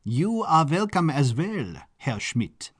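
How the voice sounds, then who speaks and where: A man's voice: a little high, very animated, slow, husky, pitched above the performer's own voice, full character voice. A man voicing a formal, courteous castle butler with a pinched voice, in a story reading. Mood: polite.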